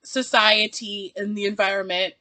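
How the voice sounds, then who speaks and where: A woman's voice: medium pitch, flat delivery, normal speed, bright, forceful tone, no echo. A woman giving a casual reaction review of a TV episode, ranting in exasperation and laughing often.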